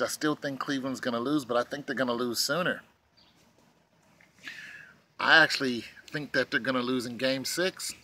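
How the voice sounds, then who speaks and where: A man ranting casually in a vlog from his porch, animated and mocking, often laughing. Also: mid-range voice. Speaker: vlogger. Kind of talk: casual opinion rant.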